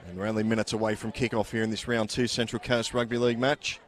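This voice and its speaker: An Australian man commentating live at a local football ground, chatty and relaxed with many fillers. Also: fairly low pitch, quick pace, a faint crowd. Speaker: sports commentator.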